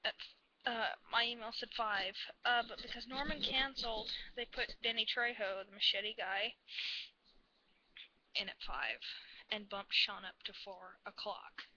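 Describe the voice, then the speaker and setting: Excitable fan girl rambling thru a vlog story, really bright voice, kinda muffled lo-fi sound. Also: on the high side, a little slow. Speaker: vlogger.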